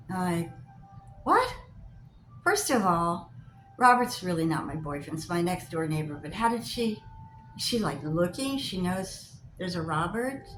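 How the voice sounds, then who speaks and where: An older woman chatting to camera as a vlogger, telling stories in an animated way and acting out both sides of her phone calls. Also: fairly low pitch. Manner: animated storyteller, acts out both sides of calls, gets loud when riled. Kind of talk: casual chat to camera. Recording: echoey room with faint hiss.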